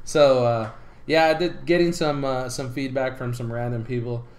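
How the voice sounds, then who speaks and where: A man's voice: medium pitch, fairly even intonation, moderate pace, reverberant. A man co-hosting a casual sports podcast, telling crude stories and swearing freely. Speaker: podcast co-host.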